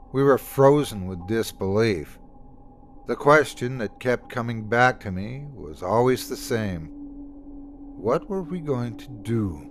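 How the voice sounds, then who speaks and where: Male horror narrator, low, animated, suspenseful reads. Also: a little hiss or hum. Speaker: horror storyteller.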